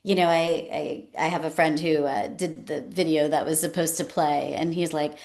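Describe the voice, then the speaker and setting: Woman host, chatty and expressive, acts out every quote, laughs easily. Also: sits low, a little fast. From New York State. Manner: animated storyteller, acts out quotes, laughs often. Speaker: podcast host. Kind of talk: casual conversational interview.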